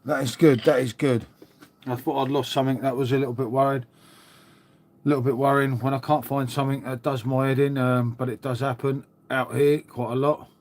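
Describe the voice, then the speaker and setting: A man's voice: medium pitch, level tone, fairly quick, a little mellow. A middle-aged man chatting casually on a livestream, answering viewers and calling them mate. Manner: chatty, matey, peppers talk with "mate" and "um". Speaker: livestream host. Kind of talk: casual live chat with viewers.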